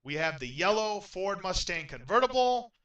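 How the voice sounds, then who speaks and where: A man hosting a game show in an upbeat, announcer-like way, getting loudly excited when a contestant wins. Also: high-pitched, moderate pace, recorded from a distance, highs cut off, heavy background noise.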